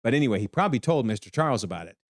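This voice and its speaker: Lively, animated man breaking down TV episodes. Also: mid-range voice, racing, gravelly, dry recording, clean studio sound. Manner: animated, exclaiming. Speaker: video commentator.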